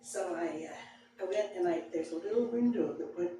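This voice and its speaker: This woman's voice sits on the low side, and she moves at a moderate pace as she acts out a story for a live audience, using voices for the scene. A slight hiss or hum comes through, and the far mic picks up a very echoey room, its ambience and audience laughter.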